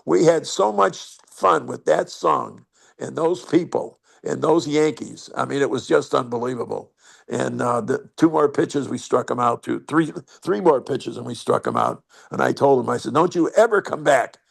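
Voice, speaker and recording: A man's voice: mid-range voice, lively intonation, moderate pace, vocal fry, breathy edge. An older man telling rambling, salty stories as a guest on a video call. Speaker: guest storyteller. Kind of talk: anecdote over video call.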